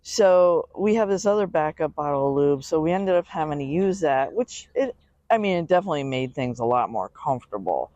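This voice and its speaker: A woman's voice: deep voice, animated, fairly quick, mellow, no echo, highs cut off. Candid, hesitant woman podcast co-host. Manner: candid, hesitant, filler-heavy. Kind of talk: casual chat.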